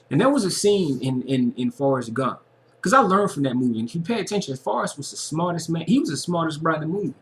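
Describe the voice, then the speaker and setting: A man's voice: fairly high pitch, sing-song, fast. Earnest man talking to camera. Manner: earnest, repeating phrases for emphasis. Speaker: vlogger. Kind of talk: casual personal monologue.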